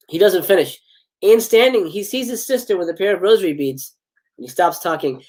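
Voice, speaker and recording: A man's voice: high voice, animated, normal speed, darkish tone, rough recording. Brief: male streamer reading a screenplay live, casual, laughs at lines, trips over words. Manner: reads stage directions with chuckling asides and stumbles. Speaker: host reading film scripts. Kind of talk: live script read-aloud.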